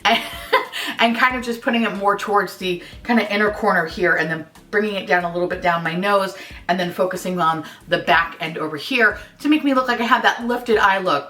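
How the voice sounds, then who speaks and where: A woman's voice: medium pitch, bright, forceful tone, recorded from a distance. A woman talking through a casual beauty vlog at home in a put-on Minnesota accent, sarcastic, swearing freely, and poking fun at herself. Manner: sarcastic, profane, self-mocking. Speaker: beauty vlogger. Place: at home in her apartment.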